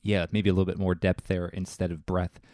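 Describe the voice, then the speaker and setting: A man's voice: low voice, level tone, brisk, dark tone, dry recording, studio quality. A man hosting a podcast interview, asking questions with small restarts. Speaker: podcast host.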